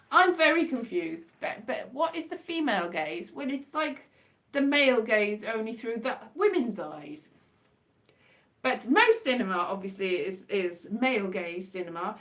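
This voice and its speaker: Woman, livestream host; high, very lively voice; rambling, wry, self-mocking chat. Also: a little slow.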